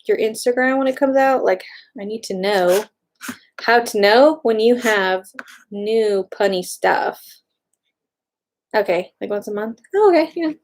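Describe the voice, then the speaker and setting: An excitable woman chatting casually, gushing while she browses online. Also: medium pitch, slight background noise. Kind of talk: casual chat.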